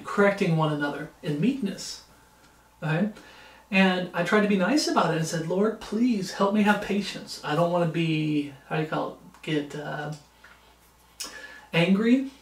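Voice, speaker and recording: A man with a high voice preaches earnestly to his viewers, circling back and restarting his sentences as he goes. He sits back from the mic, so his voice comes across distant, and the room around him rings with echo. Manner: earnest, repetitive, halting with restarts. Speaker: ministry preacher. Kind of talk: informal devotional talk.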